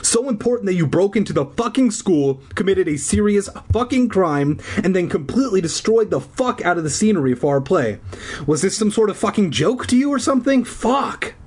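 A shrill, husky-edged schoolteacher woman, as a man puts her on, raising her voice and swearing in nearly every sentence. Her pitch leaps high and swings wildly as she scolds in a comic storybook reading. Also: very animated, moderate pace, exaggerated voice. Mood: furious. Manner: screaming, swearing constantly. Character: furious foul-mouthed woman schoolteacher.

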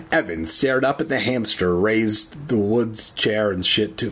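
A man's voice: lowish voice, normal speed, few pauses, a bit bright, breathy edge. A man reading a storybook aloud at home, with irreverent, swearing asides. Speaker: reader.

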